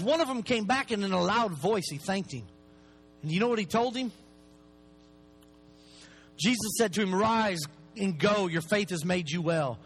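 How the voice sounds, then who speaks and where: A man, preaching fast and animated, joking at his own expense. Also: high-pitched, rough recording. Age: 40s. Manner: fast-talking, self-deprecating, animated preaching. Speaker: recovery ministry speaker. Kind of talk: sermon.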